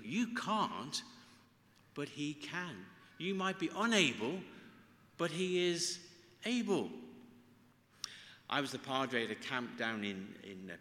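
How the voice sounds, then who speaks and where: A man preaching with a forceful, ringing delivery, earnest and emphatic as he stops and restarts his phrases. His voice carries a long reverb from a large, echoey room. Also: mid-range voice. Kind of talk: sermon.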